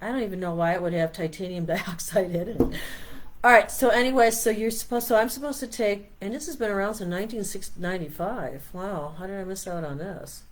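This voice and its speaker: A woman's voice: medium pitch, a little fast, slight background noise. Chatty woman rambling on a live stream. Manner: rambling, chatty, reads product labels aloud. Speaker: meditation host. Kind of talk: casual live-stream chat.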